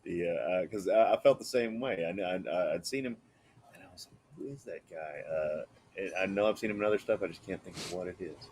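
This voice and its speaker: A man's voice: low-pitched, fast, darkish tone, slight background noise. A man co-hosting a podcast, chatting casually and a little hesitantly about a movie. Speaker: podcast co-host. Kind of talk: casual chat.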